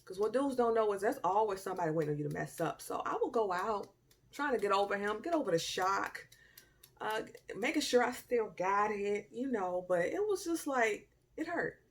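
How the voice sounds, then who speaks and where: A young woman telling a personal story to camera in a casual, animated way, with loud outbursts, quiet murmurs and slangy asides. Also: mid-range voice, moderate pace. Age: young adult. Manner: informal Southern-style slang and asides. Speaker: storytime vlogger.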